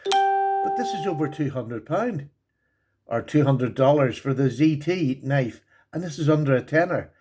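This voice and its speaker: An enthusiastic man talks through his collection in a relaxed show-and-tell review. His voice sits a touch higher than most men's. He keeps circling back to repeat his praise, full of chatty asides. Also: slightly rough.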